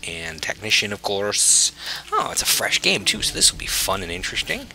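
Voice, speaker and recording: A man's voice: fairly low pitch, wildly swooping pitch, moderate pace. A man casually commenting on his own gameplay as a channel host, chatty and self-mocking, swearing freely.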